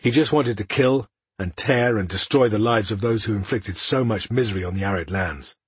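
A man with a husky voice reading a fantasy audiobook in steady, measured narration. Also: fairly low pitch, no echo.

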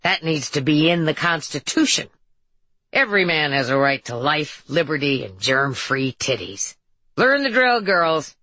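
A woman reading an audiobook, voicing a crass male radio DJ with a hoarse, raspy bass and a slow, booming drawl. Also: big pitch swings, sharp tone, no room sound, full character voice. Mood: crass boasting. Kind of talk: audiobook character voice.

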